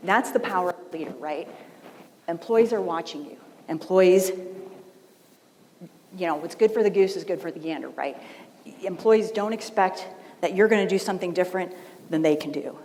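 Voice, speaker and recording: In a large event hall, a woman gives a conversational keynote at a conference, telling stories and frequently checking in with "right?". Her voice is fairly low and dark, at normal speed with long pauses, captured with long hall reverb, faint ambience, and slight background noise.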